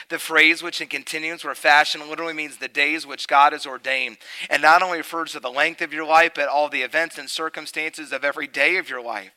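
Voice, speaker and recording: A middle-aged man delivering a sermon, his voice slightly high and very bright. He mixes easy storytelling with loud, emphatic preaching. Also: fairly even intonation, brisk, hardly any pauses, clear, resonant tone, poor audio.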